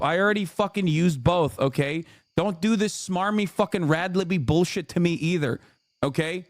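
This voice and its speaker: A man with a notably high voice delivers a furious, sarcastic political rant on his livestream, swearing freely and snapping at viewers in chat. He speaks into a close desk mic in a dry, dead room at home. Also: moderate pace, dry recording. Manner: angry, profane, sarcastic; talks back to chat.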